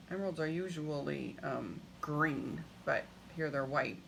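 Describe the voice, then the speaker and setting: A woman's voice: deep voice, a little slow, creaky, few pauses, fairly bright tone, a little hiss or hum. A woman reading a children's picture book aloud, stopping often to ask the listener questions. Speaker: storybook reader.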